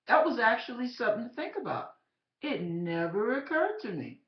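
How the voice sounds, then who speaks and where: A woman telling her own faith story as a personal testimony, animated and emphatic, speaking directly to the listener. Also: fairly high pitch, moderate pace. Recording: roomy, slightly dull recording.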